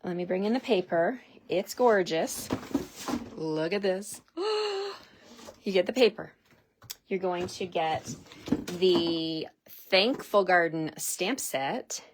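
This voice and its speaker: A lower-pitched woman hosts a live craft supply demonstration, talking in an excited, gushing, chatty way. Her voice comes from a desk mic over a faint hiss.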